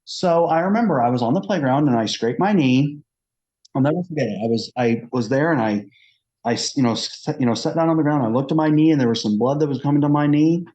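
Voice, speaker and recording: A man's voice: on the high side, fast, darkish tone. Man, earnest personal storytelling, conversational, dull muffled recording. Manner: earnest, conversational, acting out quoted dialogue. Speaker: autistic self-advocate.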